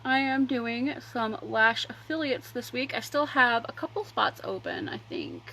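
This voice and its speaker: A woman hosting a casual makeup livestream, rambling chattily between applying mascara and pitching her products. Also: sing-song, a little slow, pushed and bright, a little hiss or hum, low-quality recording. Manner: chatty and rambling, drifting between demo and sales talk. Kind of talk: casual makeup tutorial chat.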